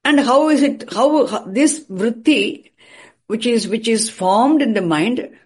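Husky-voiced teacher giving a lecture. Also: mid-range voice, animated, takes it slowly. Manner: asks rhetorical questions and answers them; repeats and restarts phrases while explaining. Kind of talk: classroom lecture.

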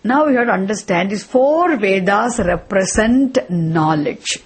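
A woman teaches a scripture class in a breathy voice. She circles back over her phrases and keeps asking her listeners questions as she explains. Her pitch sits in the middle range. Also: lively intonation, unhurried. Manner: repetitive, questioning, restarts phrases. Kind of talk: classroom lecture.

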